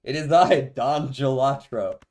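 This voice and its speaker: A man voicing a mock mafia boss with a slow, grand mobster drawl. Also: medium pitch, darkish tone, natural voice. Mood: pompous. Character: mock mafia don, older man, pompous.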